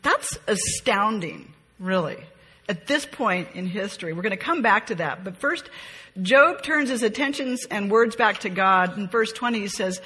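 A woman's voice: medium pitch, lively intonation, a little slow, sharp tone, breathy edge, long reverb tail. A woman leading a conversational Bible study, reading scripture aloud with expression and then musing on it in a chatty, reflective way. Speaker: Bible teacher.

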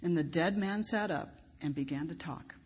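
A woman pastor preaching a sermon, expressive and emphatic, lifting her voice on key words. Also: fairly low pitch, moderate pace, slightly rough. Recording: long reverb of a large hall, faint background noise.

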